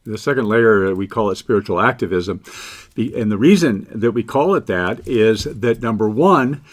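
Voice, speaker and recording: A man co-hosting a spiritual talk radio conversation, explaining ideas in a measured way. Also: on the low side, animated. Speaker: co-host.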